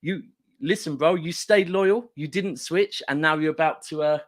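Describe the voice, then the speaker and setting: A middle-aged man from Manchester chats as a guest football fan, telling anecdote after anecdote in an easy, talkative way. His voice sits a little higher than most men's. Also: moderate pace, a little hiss or hum. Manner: chatty, storytelling, lively anecdotes. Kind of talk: casual football chat.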